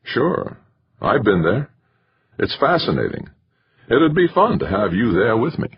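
A terse, dry-witted husband, read by a man. The voice is deep and very husky, and it speaks in clipped, tight lines. The recording is dull and lo-fi. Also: big pitch swings, measured pace, dry recording, heavily acted. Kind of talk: audiobook character reading.

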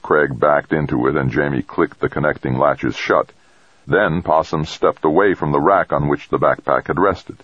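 Very deep, husky male narrator. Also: steady tone, moderate pace, fairly bright tone, no room sound. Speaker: audiobook narrator. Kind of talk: scripted narration. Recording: dry, dull audio.

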